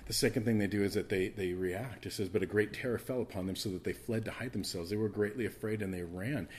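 A man preaching a sermon in a lowish voice. He swings from loud, emphatic stretches to hushed, quiet asides. He repeats words and restarts phrases for emphasis. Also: quick pace, few pauses.

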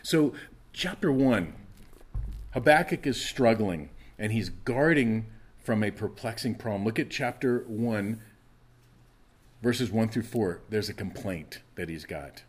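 A man's voice: lowish voice, lively intonation, measured pace, slightly rough. A middle-aged man, a pastor, preaching a sermon and acting out anguished prayers with rising intensity.

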